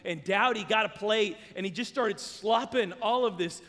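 Man, pastor, high-pitched, storytelling sermon, church hall reverb. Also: moderate pace. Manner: storytelling, animated and conversational.

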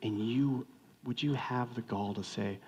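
A man preaching a sermon in a conversational, joking way, swinging from loud outbursts to hushed lines and questioning the congregation directly. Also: mid-range voice, a little slow, husky, dull audio. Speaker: pastor.

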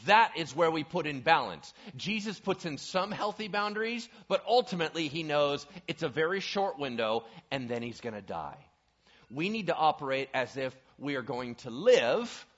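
A male pastor preaching a sermon, asking the congregation questions as he goes. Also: a little high. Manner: animated, asks the audience questions. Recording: dull lo-fi recording.

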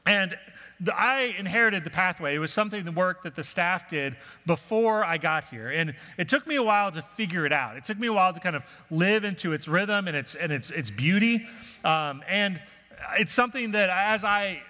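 A man's voice: a little high, lively intonation, normal speed, sharp tone. A male pastor giving a sermon to his congregation, earnest and conversational. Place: church auditorium. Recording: reverberant church hall.

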